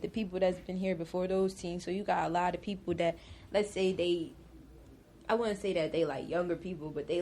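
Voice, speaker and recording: A woman talking candidly as an interview guest, drawing out her words to cover a slight lisp. Her voice sits a little low, with faint background noise. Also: darkish tone. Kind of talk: casual candid chat.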